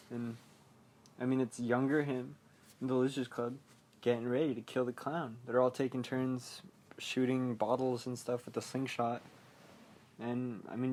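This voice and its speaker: A man's voice: medium pitch, little pitch movement, a little slow, a little mellow, slight background noise. A man hosting a podcast, recapping a horror movie in a casual, rambling way, full of fillers and chuckles at his own remarks. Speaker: podcast host.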